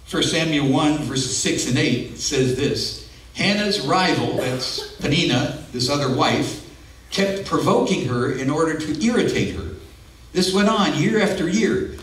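Earnest male pastor giving a conversational sermon with personal asides, fairly high voice, echoey church, heard from a distance. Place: church sanctuary. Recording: echoey room, mic at a distance.

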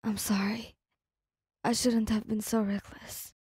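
A woman's voice: mid-range voice, flat delivery, unhurried, darkish tone, breathy edge, dry recording, studio quality. A woman whispering as a fading wounded hero, whispered role-play. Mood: remorseful. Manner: faint, barely audible whisper.

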